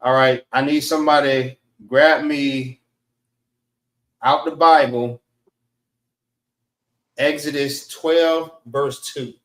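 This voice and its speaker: A man teaching an informal scripture class in a relaxed way, often saying "all right" between points. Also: mid-range voice, takes it slowly, pauses often. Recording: roomy echo.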